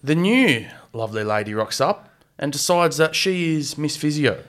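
A man with an Australian accent co-hosting a casual podcast, telling an animated story with laughs. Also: fairly high pitch, normal speed. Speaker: podcast co-host.

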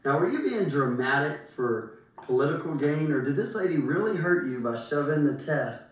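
Male podcast host, easygoing, fairly high, boomy far-off room sound. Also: lively intonation, moderate pace, muffled recording. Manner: casual, laughs while asking questions. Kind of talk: casual interview. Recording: very echoey room, distant mic, faint hiss.

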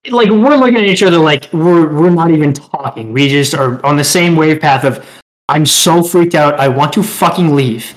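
A man's voice: on the high side, normal speed, low-quality recording. A young man co-hosting a podcast, telling a rambling, profane story in casual chat and laughing as he goes. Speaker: podcast co-host.

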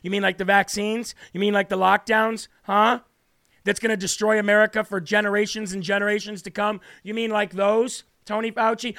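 A man's voice: high-pitched, fairly even intonation, brisk, gravelly, sharp tone. A man hosting a live political talk show, ranting in a mocking, combative way and repeating lines for emphasis.

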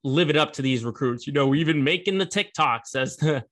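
A man's voice: fairly high pitch, fairly quick, a bit bright. A young man hosting a casual sports commentary show, chatty and rambling, laughing at the story.

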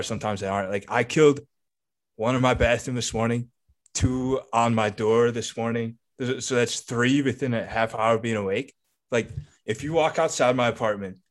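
A man co-hosting a casual podcast, telling a long, rambling story full of swearing and filler words. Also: mid-range voice. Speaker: podcast co-host.

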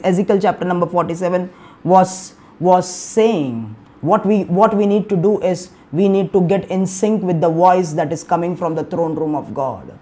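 A man preaching a sermon, often repeating himself and restarting his words, and saying "Hallelujah" and "Amen" again and again. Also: high-pitched. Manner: emphatic preaching, rising loud in bursts, with repeated "Hallelujah" and "Amen".

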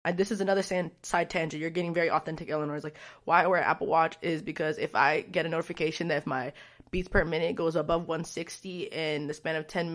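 A woman's voice: low-pitched, steady tone, fast talker. A young adult woman vlogging in a casual, rambling way, swearing often and filling her talk with "like". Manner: chatty, profane, rambling storytelling with frequent fillers. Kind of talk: casual vlog chat.

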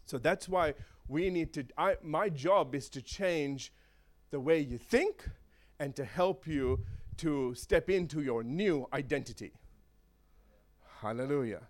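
A man preaching a sermon in an animated way, with joking asides and chuckles. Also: a little high, takes it slowly.

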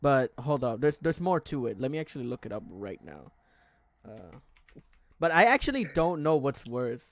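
A man's voice: mid-range voice, very animated, moderate pace, no echo. A young man co-hosting a casual podcast, teasing and questioning his friend and swearing often. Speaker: podcast co-host.

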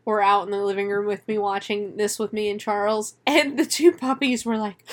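A woman's voice: on the high side, steady tone, fairly quick, few pauses. A young woman co-hosting a casual movie review chat, swearing freely, laughing often and acting out the characters. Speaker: podcast co-host.

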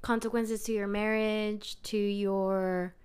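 Woman with a very clear voice. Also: medium pitch, little pitch movement, slow, a little mellow. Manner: explains with plain everyday examples. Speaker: co-host of a Christian podcast. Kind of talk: casual faith discussion.

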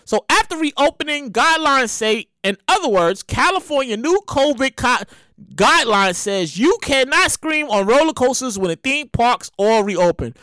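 A woman's voice: high voice, pushed and bright, dry recording, studio quality. A woman hosting a podcast in casual comedic commentary, exclaiming and repeating herself. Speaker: podcast host.

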